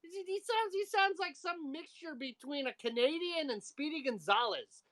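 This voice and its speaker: A woman co-hosting a homebrew show, chatting casually on a live stream, animated and teasing with frequent laughs. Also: high-pitched, moderate pace.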